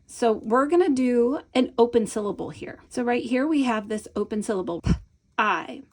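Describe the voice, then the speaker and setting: A middle-aged woman teaching a lesson, patient and explanatory, slowing down to model each sound and often checking in with "right?". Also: on the high side, animated, a little mellow. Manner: slows and stretches words when modeling sounds. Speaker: teacher trainer. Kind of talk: instructional video lesson.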